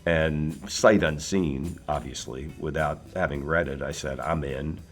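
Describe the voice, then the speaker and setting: A man's voice: very deep voice, fairly even intonation, unhurried, faint music behind. A man in his sixties from Philadelphia, an actor telling casual, rambling anecdotes with many fillers and laughs. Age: 60s. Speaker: actor guest.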